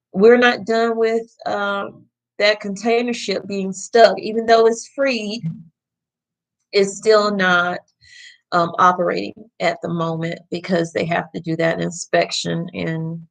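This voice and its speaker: Slow-talking woman hosting a livestream. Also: medium pitch, gravelly, poor audio. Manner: talks to viewers directly, many fillers and pauses. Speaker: livestream host. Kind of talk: casual livestream chat.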